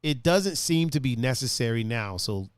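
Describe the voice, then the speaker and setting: Animated, profane male podcast host. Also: mid-range voice, normal speed, smooth, dry recording, clean studio sound. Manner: animated, profane, reads chat comments aloud. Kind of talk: casual chat.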